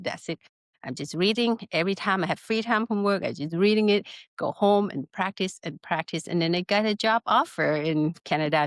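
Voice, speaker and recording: Lively Thai woman telling her story. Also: fairly low pitch, dry recording, clean studio sound. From Northern Thailand. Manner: animated storytelling with broken English, laughs often. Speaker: guest, spa business founder. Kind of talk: casual storytelling interview.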